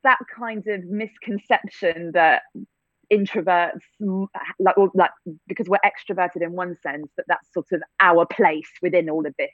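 A woman's voice: fairly low pitch, steady tone, normal speed, dry recording. Brief: English woman actor, thoughtful interviewee, dry close sound, thin phone-like line. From England. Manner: reflective, many restarts and fillers, light laughs. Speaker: actor and theatre-maker. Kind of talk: conversational interview answers.

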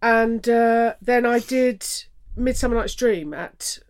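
A middle-aged woman, an actor talking as a guest in a casual interview, reflective and halting. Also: a little high.

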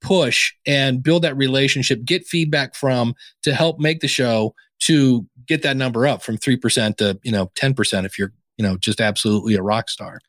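A man's voice: medium pitch, normal speed, hardly any pauses, dry recording. A man speaking as a podcasting guest and author in a casual interview, telling stories and acting out the other voices in his anecdotes. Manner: animated storyteller acting out quoted exchanges.

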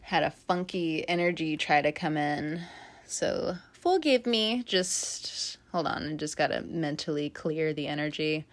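A young woman giving a casual, animated tarot reading, swearing freely and laughing often. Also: low-pitched, measured pace. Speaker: tarot reader.

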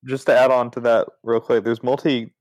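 A man's voice: mid-range voice, flat delivery, moderate pace, darkish tone, low-quality recording. A man co-hosting a casual racing chat in a laid-back way.

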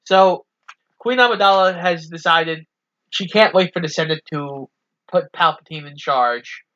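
A man's voice: a little high, a little slow, sharp tone, dull audio. A man co-hosting a casual movie recap, easygoing as he walks through the plot. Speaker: podcast co-host.

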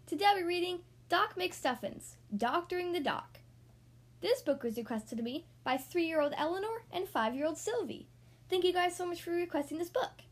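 Lady reading a kids picture book on her podcast, high voice, soft and friendly. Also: expressive, a little fast. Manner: gentle, friendly storytelling. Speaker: children's book reader, podcast host.

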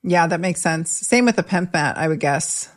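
A middle-aged woman hosting a podcast, telling stories in a chatty, animated way with many restarts. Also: fairly low pitch, normal speed. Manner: chatty, animated storyteller with frequent restarts and laughs. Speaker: podcast host. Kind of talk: casual conversational interview.

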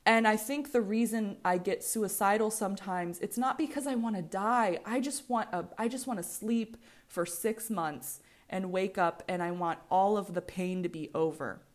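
A woman's voice: medium pitch, moderate pace, few pauses. A woman in her twenties with an American accent, hosting a solo podcast in a candid, rambling way, swearing freely and often restarting her sentences. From United States. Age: 20s. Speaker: podcast host.

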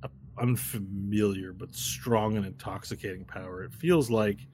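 A man with a fairly low voice serves as game master, describing scenes for the players. He narrates in a loose, casual way, with fillers along the way. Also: steady tone, normal speed, darkish tone, slight background noise.

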